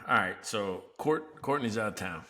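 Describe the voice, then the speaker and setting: Laughing, animated male podcast host. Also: on the low side, normal speed. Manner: animated storyteller, laughs often. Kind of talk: casual chat.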